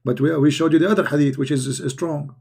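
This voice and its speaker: A hoarse man giving heated commentary in halting non-native English, firing rhetorical questions as he reads texts aloud. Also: on the high side, fairly even intonation, a little mellow. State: hoarse, losing his voice. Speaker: online commentator. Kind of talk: polemical commentary while reading texts aloud.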